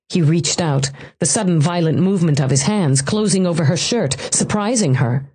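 A woman narrating an audiobook scene in an expressive way. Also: fairly low pitch, normal speed, few pauses, husky.

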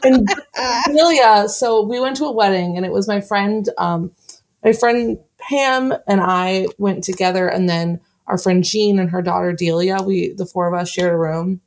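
Gravelly-voiced woman co-host. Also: mid-range voice, normal speed, a little mellow. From Ohio, USA. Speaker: podcast co-host. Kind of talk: casual storytelling.

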